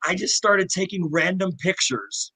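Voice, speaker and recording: A man's voice: sits high, unhurried, poor audio. A middle-aged man from Louisville telling his story as a guest, earnest and heartfelt, with many restarts. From Louisville, Kentucky. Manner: earnest, heartfelt, animated retelling with repeated restarts. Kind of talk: live interview storytelling.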